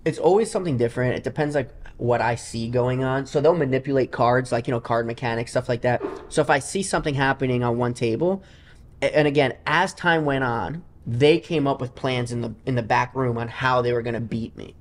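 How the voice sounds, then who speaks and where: A man's voice: medium pitch, a little fast. A man, a professional gambler, telling loose, rambling stories full of asides as a guest in a casual interview.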